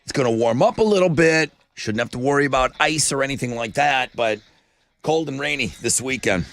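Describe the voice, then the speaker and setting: A man's voice: medium pitch, a little fast, vocal fry, a bit bright. A man hosting a radio morning show, chatting energetically and rambling as he jokes with callers. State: slightly out of breath. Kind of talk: casual radio chat.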